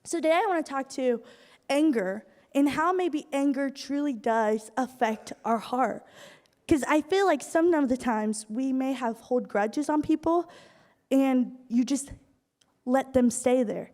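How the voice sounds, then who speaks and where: High-voiced young woman in a hall. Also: measured pace. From Iowa. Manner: animated storytelling with acted asides. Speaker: youth speaker. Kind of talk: youth group talk. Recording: hall reverb from a live room.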